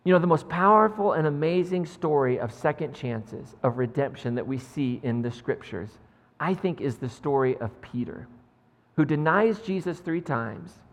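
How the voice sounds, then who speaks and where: A man's voice: fairly high pitch, expressive, moderate pace. A man preaching a sermon as pastor, talking conversationally with lots of "like" and "right?" and joking with the congregation. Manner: jokes with the congregation. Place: church sanctuary. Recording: long church reverb.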